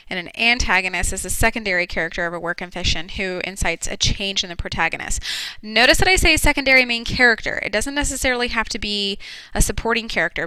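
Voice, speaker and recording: A woman's voice: medium pitch, bright, forceful tone, clear, resonant tone, no echo, low-quality recording. A woman teacher giving a casual recorded lecture to her students, explaining terms with frequent ums and restarts. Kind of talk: classroom lecture video.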